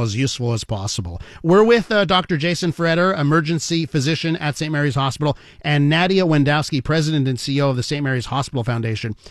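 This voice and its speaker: A man's voice: a little high, dry recording, studio quality. A man hosting an interview, asking questions in a chatty, playfully teasing way. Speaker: radio interview host. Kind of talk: conversational interviewing.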